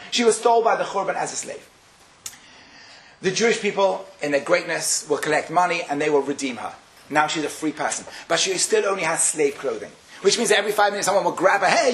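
A man giving a Torah lecture, telling stories with animated delivery and acting out the quotes. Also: roomy sound, low-quality recording. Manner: animated, acts out quotes with sharp pitch jumps. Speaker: rabbi giving a Torah class.

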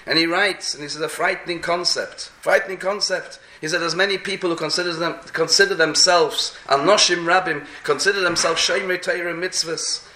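Bright-voiced man preaching in an echoey room. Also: high voice, a little hiss or hum. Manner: repeats words while finding his place, mixes in Hebrew and Yiddish terms. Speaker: rabbi giving a talk. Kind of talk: sermon with storytelling.

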